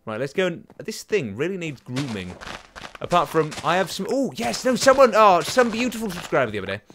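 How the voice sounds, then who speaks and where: A man's voice: fairly high pitch, sing-song, a little fast, a bit bright, a little hiss or hum. A young man hosting a let's play from home, rambling to himself and taunting enemies as he plays. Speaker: gaming channel host. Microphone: desk microphone.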